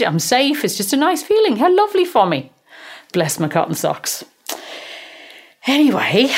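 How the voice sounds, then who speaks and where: A middle-aged woman, a counsellor, telling a candid and emotional personal story on her podcast, swearing casually now and then. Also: low voice.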